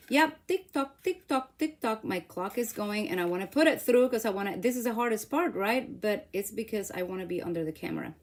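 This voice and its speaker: A woman's voice: medium pitch, darkish tone. A middle-aged woman hosting a casual crafting demo at home, chatty, laughing at herself and talking to viewers as she works. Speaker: craft channel host.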